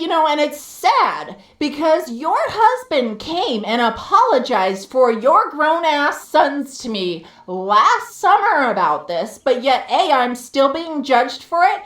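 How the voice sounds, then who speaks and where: A woman with a high-pitched, fairly bright voice vents heatedly while gaming live, swearing and repeating herself for emphasis. The room has a noticeable echo.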